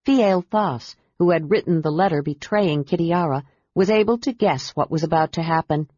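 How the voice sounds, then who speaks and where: Husky-voiced fantasy audiobook narrator. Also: mid-range voice, normal speed, darkish tone, no echo. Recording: dull, dry audiobook sound.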